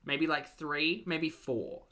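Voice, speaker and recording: A woman's voice: low-pitched, slow pace, a bit bright. A woman giving mocking reaction commentary and wry asides to her chat.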